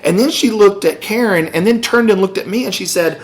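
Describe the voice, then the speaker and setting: A man's voice: sits high, a little fast. A middle-aged man co-hosting a podcast, telling a story in casual chat and animatedly acting out the voices of the people in it. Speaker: podcast co-host.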